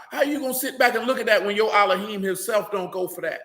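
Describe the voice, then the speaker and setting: A man preaching in a loose, streetwise way, blunt, emphatic and full of slang. His voice sits high and bright. It rings out in a roomy, echoing space. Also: quick pace. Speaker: religious teacher. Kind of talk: informal streetwise sermon.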